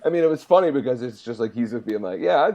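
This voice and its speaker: A man talking as a podcast guest in casual chat, excitable and jumping high in pitch when he jokes. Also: quick pace, lo-fi sound.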